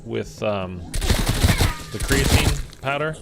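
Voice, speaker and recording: A man's voice: mid-range voice, slow pace, creaky. A man streaming a game, chatting and rambling to his viewers. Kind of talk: casual gameplay chat. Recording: game noise behind the voice.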